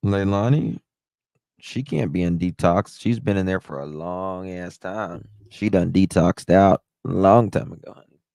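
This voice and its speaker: A man chats casually on a livestream, greeting viewers by name and speaking frankly, now and then with a curse. His low voice is gravelly yet smooth, and he takes his time. The sound is dry and close. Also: unhurried, darkish tone, no echo. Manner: greets chatters one by one, candid and profane. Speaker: livestream host. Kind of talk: casual live-stream chat.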